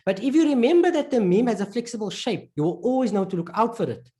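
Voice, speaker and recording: A man from South Africa with a South African accent, teaching Arabic letters to a class and repeating each sound slowly. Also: high-pitched, animated, dark tone. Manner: slow, repeats sounds and words for students. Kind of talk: live online lesson.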